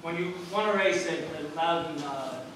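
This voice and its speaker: Halting man telling stories in an echoey hall. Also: fairly high pitch. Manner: rambling, halting, laughing through stories. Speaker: eulogist, former jockey. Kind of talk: anecdotal memorial speech. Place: memorial service venue. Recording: echoey hall, mic from far off, noisy.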